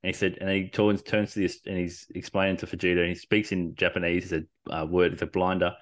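Podcast host, man, very low voice, rambling casual delivery. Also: flat delivery, fast talker, a bit bright. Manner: rambling, full of fillers and swearing. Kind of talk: casual chat.

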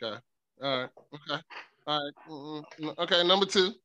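Bright-voiced joking dad host. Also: male voice, on the high side, dry recording, lo-fi sound. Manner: joking, defensive, quick bursts. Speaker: podcast co-host, father. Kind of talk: casual chat.

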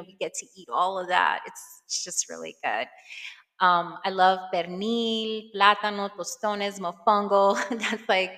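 Bright-voiced woman chatting on a podcast. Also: on the low side, long reverb tail. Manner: chatty and warm-hearted, many fillers, emotional at times. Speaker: podcast host. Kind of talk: casual personal chat.

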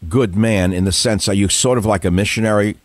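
A man's voice: on the low side, steady tone, a little fast, dry recording, studio quality. A man hosting a talk radio show, musing and self-described as cynical, wandering between thoughts.

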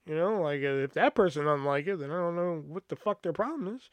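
A man's voice, pitched a little high for a guy, spins a loose personal story into a podcast mic. He swears constantly and trails off into fillers and restarts. The sound is close and dry, with no room around it. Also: animated, a little fast, dry recording. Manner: rambling, profane, filler-heavy. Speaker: podcast host. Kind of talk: casual storytelling monologue.

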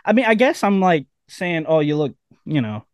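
A man's voice: fairly high pitch, big pitch swings, moderate pace, dry recording, clean studio sound. A young man, a rapper, chatting casually in an interview, rambling with many fillers and laughing easily. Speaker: rapper guest.

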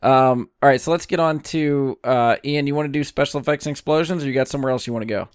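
A mid-pitched man hosts a casual movie review chat, steering the talk and giving blunt verdicts. His voice sounds dry and close to the mic. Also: quick pace, clean tone, no echo. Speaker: podcast host.

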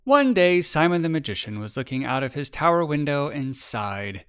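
A man, the author, narrating his children's story in an expressive, measured way. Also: on the high side, smooth. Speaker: author reading his book.

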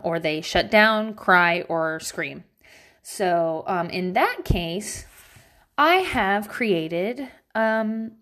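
A mom vlogging from home, speaking straight to her viewers in loose, unscripted talk. She is blunt and salty with her language, drops in plenty of "um"s, and her pitch jumps up and down with animated emphasis. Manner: blunt and profane, frequent swearing and "um" fillers; animated, jumps between high and low pitch. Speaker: parent vlogging about teaching her kids at home. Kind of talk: casual, candid advice talk to viewers.

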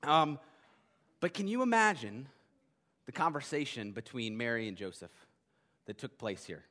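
A man preaching a sermon as pastor, conversational and animated, with many restarts. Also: medium pitch, moderate pace. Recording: long hall reverb.

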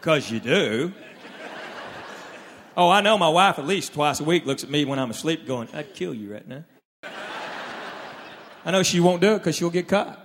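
In a stand-up set on a large hall's live stage, a man animatedly recounts stories and plays out his relatives' lines. His voice sits fairly high and he keeps a moderate pace, with reverberant acoustics and faint room noise around him.

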